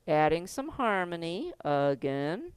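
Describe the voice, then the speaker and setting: A woman's voice: on the low side, sing-song, takes it slowly, clear, resonant tone, no room sound. A middle-aged woman teaching a keyboard class, giving step-by-step instructions in a chatty way and laughing often.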